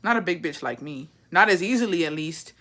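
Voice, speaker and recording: With a lowish, animated voice that's a bit bright, this young adult livestream host briskly reads out viewer comments in casual chat. She's blunt, profane and playful, and calls her viewers bestie.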